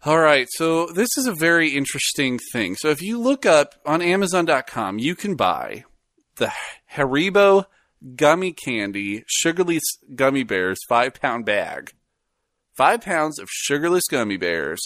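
A man co-hosting a podcast in casual chat, animated and rambling, often laughing. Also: on the high side, unhurried, no echo, clean studio sound. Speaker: podcast co-host.

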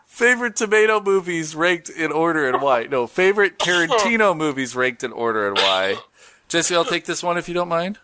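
A man's voice: fairly high pitch, animated, normal speed, pauses often, sharp tone, slight background noise. A man hosting a casual podcast, joking, laughing often and reading out listener posts and plugs. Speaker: podcast host.

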